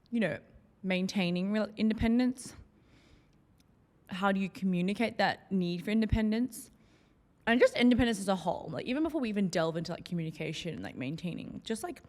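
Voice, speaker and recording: Casting: twenties woman, solo podcast host, rambling and conversational, mid-pitched voice. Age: 20s. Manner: chatty, lots of "like" and "you know". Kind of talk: casual solo podcast chat.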